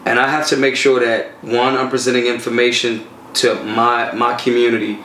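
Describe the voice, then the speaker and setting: A man talks in loose, slangy, animated stories, his mid-pitched voice bouncing around a reverberant room. A soft hum of ambience sits underneath. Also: normal speed. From Philadelphia. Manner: animated, streetwise storytelling with slang. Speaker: guest, gun rights activist. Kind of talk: casual conversational interview.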